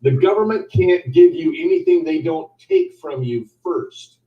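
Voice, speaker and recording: A man talks bluntly, lecturing and reaching for analogies in a casual discussion. His voice sits a little high. It sounds echoey, as if he is a few feet from the mic. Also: wildly swooping pitch, unhurried, vocal fry, recorded from a distance, muffled recording. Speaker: co-host. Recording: roomy echo, from off-mic.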